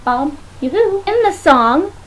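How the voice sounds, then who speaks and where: High-voiced chatty young woman reviewer. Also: normal speed, low-quality recording. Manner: chatty, animated, playful asides. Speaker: video reviewer. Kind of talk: casual vlog commentary.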